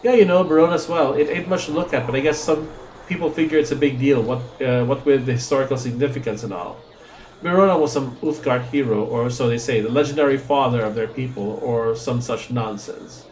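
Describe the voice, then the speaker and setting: A man reading a distrustful, gruff male settler from a game, in a folksy grumbling drawl. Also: medium pitch, a little fast, darkish tone, a little hiss or hum, close to an everyday voice. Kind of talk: reading game dialogue aloud.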